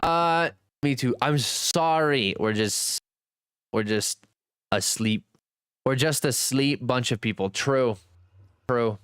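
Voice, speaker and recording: A man's voice: slow, long pauses, a bit bright, clear, resonant tone, dry recording, studio quality. A man streaming a game, chatting casually, reading viewers' messages aloud and thanking them, joking at his own expense. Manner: reads and answers chat aloud, thanks viewers; jokey, self-teasing, swings between high and low pitch. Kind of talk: casual live-stream chat.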